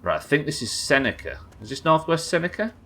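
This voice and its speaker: A man's voice: a little high, very animated, brisk, pushed and bright. A man streaming a game live, chatting with viewers in a wry, sweary, bantering way. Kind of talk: live gameplay commentary.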